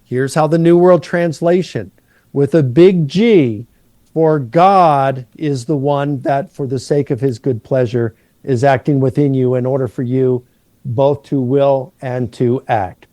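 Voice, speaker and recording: A middle-aged man, a New Testament professor, patiently explaining Greek grammar and slowing down to stress key words. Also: mid-range voice, mellow, no echo.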